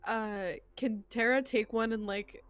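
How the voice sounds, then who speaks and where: A woman's voice: fairly high pitch, fairly even intonation, measured pace, a bit bright, smooth, soft background music. A woman playing a tabletop game, asking curious questions with hesitant fillers. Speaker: player.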